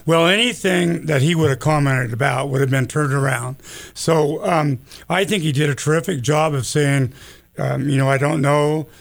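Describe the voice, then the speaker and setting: A man talks in a rough, gravelly voice that sits a little higher than most. He rambles in a folksy way, scattering ums and uhs as he chats as a guest on a talk show. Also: normal speed. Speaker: gun store owner guest. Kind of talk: casual talk radio chat.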